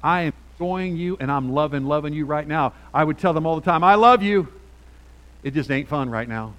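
A man's voice: on the high side, brisk, a bit bright, rough recording. A middle-aged man, a pastor, preaching a sermon in a church with repetitive, rising bursts of emphasis. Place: church sanctuary.

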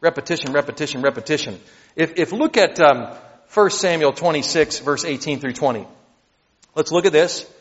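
A man preaching a sermon, reading scripture aloud and explaining it with animated emphasis that sometimes builds to near shouting. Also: a little high, moderate pace. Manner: animated, rising to near shouts at emotional peaks. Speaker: pastor. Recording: dull audio in a hall with long reverb.

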